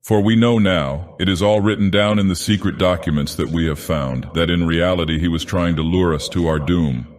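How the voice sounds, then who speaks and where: A man's voice: deep voice, moderate pace, few pauses, a little mellow, lightly acted. A man voicing a nervous, persuasive male pig propagandist in an audiobook, speaking with agitated insistence. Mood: urgent. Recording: long hall reverb.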